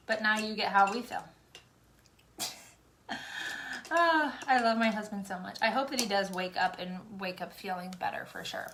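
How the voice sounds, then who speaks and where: A young woman rambles to her viewers while she does her makeup, venting and chatting with plenty of fillers. Her voice sits at an ordinary middle pitch. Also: fairly bright tone, slight background noise. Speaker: makeup vlogger. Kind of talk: casual chatty livestream.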